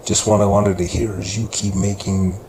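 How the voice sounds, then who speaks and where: A man's voice: lowish voice, level tone, moderate pace, darkish tone, natural voice. A man voicing a brutal, mocking neighborhood drug boss in a narrated story. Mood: menacing. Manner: menacing, mocking. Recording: echoey room with background noise.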